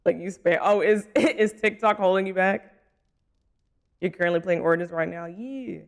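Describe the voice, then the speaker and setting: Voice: medium pitch, normal speed, vocal fry. A young adult streamer in casual live stream chat while gaming, giggly, chatty and playfully teasing.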